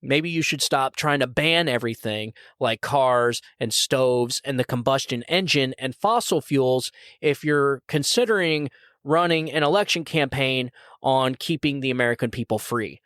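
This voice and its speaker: A man's voice: mid-range voice, normal speed, fairly bright tone, no room sound, clean studio sound. A man hosting his own podcast, giving blunt, indignant political commentary and often saying "come on, man". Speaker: podcast host.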